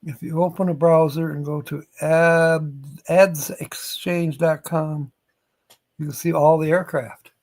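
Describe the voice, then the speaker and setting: A man hosting a live stream, chatting casually with viewers in a slow, rambling way and chuckling between lines. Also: on the high side, level tone.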